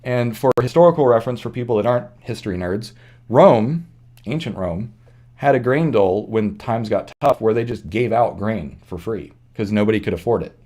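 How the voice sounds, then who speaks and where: A somewhat low-voiced man talks through his views in an unscripted monologue as a channel host. He is earnest and reflective, often stopping to restart or correct himself mid-sentence. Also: fairly quick, few pauses, darkish tone.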